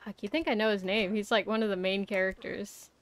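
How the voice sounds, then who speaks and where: A woman's voice: mid-range voice, fairly even intonation, fairly quick. A young woman streaming a game, chatting casually, rambling and swearing with lots of fillers. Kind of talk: casual live-stream chat.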